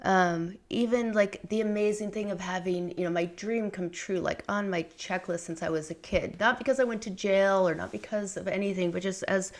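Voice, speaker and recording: Medium in pitch and steady in tone, this middle-aged woman talks at a normal speed with few pauses. As a memoir author guesting on a podcast, she's candid in the interview, rambling with many fillers and restarts.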